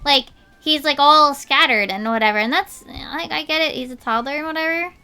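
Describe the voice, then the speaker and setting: A woman's voice: sits high, a little fast, sharp tone. A young woman streamer chatting casually while she draws, telling an indignant story with lots of filler words.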